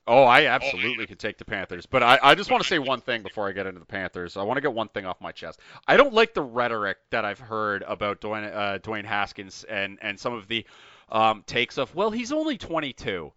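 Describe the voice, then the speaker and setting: A man's voice: lowish voice, animated, brisk, pushed and bright, no echo, dull audio. A man hosting a casual sports betting podcast, talking in an emphatic, ranting way. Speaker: podcast host.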